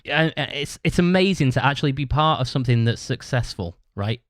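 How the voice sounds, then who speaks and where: A man's voice: medium pitch, animated, brisk, no room sound. Sweary, rambling man telling a story. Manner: rambling, swears constantly, tags lines with "right?". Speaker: podcast host. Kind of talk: casual storytelling monologue.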